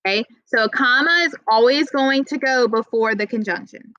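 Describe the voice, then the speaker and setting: A young adult woman teaching an online writing class, patient and encouraging, reading example sentences slowly. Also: on the high side, bright, forceful tone, no room sound, muffled recording. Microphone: video call.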